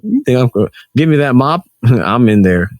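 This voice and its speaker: A man's voice: normal speed, dry recording. Guy on a chat podcast, voice jumps all over, dry close mic, acts out quotes. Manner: animated storytelling, acts out quotes with high squeals. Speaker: podcast co-host. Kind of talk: casual argumentative chat.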